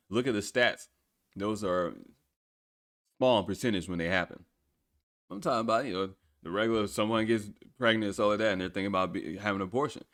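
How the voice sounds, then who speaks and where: A man hosts his own podcast alone, holding forth on the news in a loose, profane rant. His pitch swings up and down all the time, and he keeps laughing at his own remarks. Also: a bit bright. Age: adult with children. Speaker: podcast host. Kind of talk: solo opinion podcast rant.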